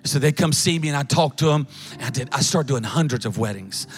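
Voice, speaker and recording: A middle-aged man, preaching a sermon as a pastor in folksy, animated storytelling with quick asides. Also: medium pitch.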